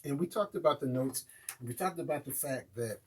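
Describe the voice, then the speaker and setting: A man's voice: medium pitch, fairly quick, husky. A man with an American accent teaching a casual live online drum lesson and often checking in with his viewers.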